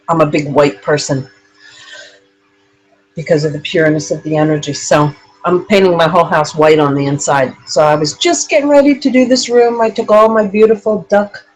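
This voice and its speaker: A woman hosting a relaxed live paranormal chat from a room in her home, rambling and chatty. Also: on the low side, a little hiss or hum, low-quality recording. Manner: rambling, chatty, laughs often.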